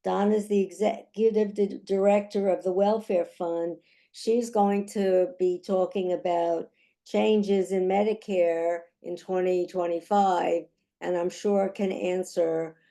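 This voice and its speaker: A woman chairing an online union meeting who says she is losing her voice, closing with announcements in an unhurried way with frequent fillers. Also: lowish voice, flat delivery, vocal fry, warm tone.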